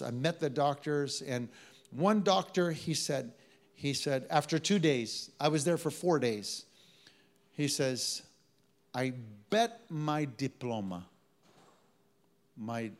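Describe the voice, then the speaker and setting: Delivering a sermon in a mid-range voice, a man narrates a story and performs its quotes, shifting from hushed passages to loud, emphatic climaxes. Along the way he slips in Malay words related to travel.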